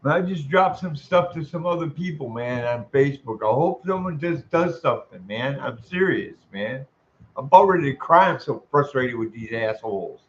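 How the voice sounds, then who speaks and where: A man's voice: medium pitch, expressive, normal speed, few pauses, dull audio. A man venting in an angry, profanity-laced monologue, exasperated and repeating himself. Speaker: vlogger.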